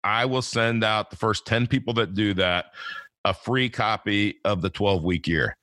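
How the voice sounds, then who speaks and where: A man's voice: on the low side, moderate pace, sharp tone, no room sound. A man in his fifties hosting a podcast interview, talking in a rambling, easygoing way with lots of fillers and repeated words. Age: 50s. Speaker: podcast host. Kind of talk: casual interview chat.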